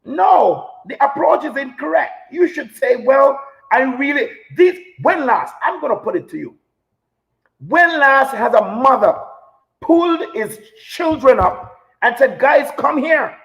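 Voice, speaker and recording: A man's voice: extremely high pitch, lively intonation, a little slow, creaky, a bit bright, low-quality recording. A man hosting a live talk show, delivering an emotional, preachy monologue with repeated phrases for emphasis.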